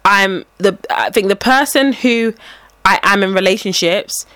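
A woman's voice: mid-range voice, measured pace, fairly bright tone, dry recording. A young woman, casually telling a story on a podcast, acting out quotes and laughing often. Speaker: podcast co-host. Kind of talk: casual chat.

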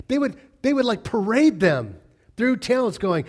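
A man's voice: sits high, animated, normal speed. A man preaching a sermon in a conversational way, often asking the congregation questions. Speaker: pastor.

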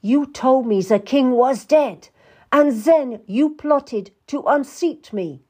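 A woman voicing a passionate, jealous young queen who speaks in a high, pleading voice. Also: slow, mellow. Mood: accusing.

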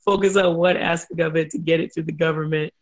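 A woman telling stories in a chatty, animated way as an interview guest. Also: sits low. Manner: chatty, animated, quick asides. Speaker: guest, entrepreneur. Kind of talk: casual storytelling.

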